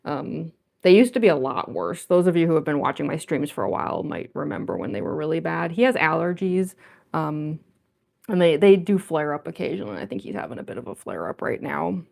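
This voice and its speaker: A woman artist chatting casually on a livestream while she draws at home, talkative and quick to giggle. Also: sits low, very animated, gravelly, a little mellow. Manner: chatty and giggly, with frequent laughs.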